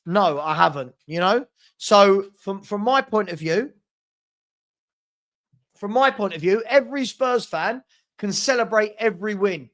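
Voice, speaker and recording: Chatty high-voiced football streamer. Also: male voice, animated, unhurried, long pauses, a bit bright. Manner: chatty, reads out viewer comments, scolds a puppy. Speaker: football watchalong host. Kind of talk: casual live-stream chat. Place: home room.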